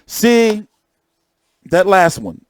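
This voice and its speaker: Animated, high-pitched man streaming. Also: extremely slow, clean tone, dry recording, clean studio sound. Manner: excitable, profane, repeats phrases. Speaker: boxing commentator streamer. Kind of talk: casual live-stream chat.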